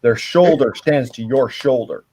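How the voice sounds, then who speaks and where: A man's voice: medium pitch, measured pace, a little mellow, breathy edge, dry recording. A man in casual group chat, swearing freely.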